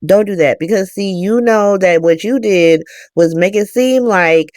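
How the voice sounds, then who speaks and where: A woman's voice: mid-range voice, unhurried, darkish tone, no room sound, clean studio sound, natural voice. A woman voicing a blunt male mob boss, talking in a streetwise, profane and insistent way.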